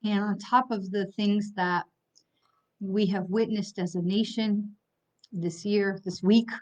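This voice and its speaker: A woman's voice: mid-range voice, fairly even intonation, takes it slowly, a little mellow. A middle-aged woman hosting a livestream as a psychic medium, talking angrily and bluntly and swearing while she apologizes for it. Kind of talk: livestream talk to viewers. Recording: slightly dull lo-fi stream audio.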